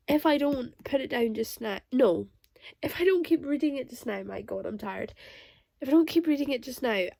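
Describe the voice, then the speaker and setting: A woman's voice: fairly high pitch, creaky, darkish tone, no room sound. A young woman vlogging emotional reactions aloud as she reads a novel. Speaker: booktuber reading a novel. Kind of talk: casual reading vlog reactions.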